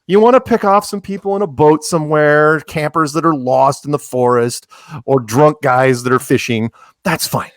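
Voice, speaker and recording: Chatty, animated man on a dry mic. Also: fairly high pitch, normal speed, no room sound. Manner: animated storyteller, jokey asides, frequent restarts. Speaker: podcast guest. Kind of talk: casual podcast conversation.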